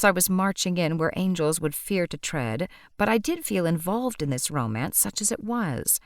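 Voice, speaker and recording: Woman narrating a novel, low and lively. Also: normal speed, hardly any pauses, no room sound, clean studio sound. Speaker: audiobook narrator. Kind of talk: scripted audiobook narration.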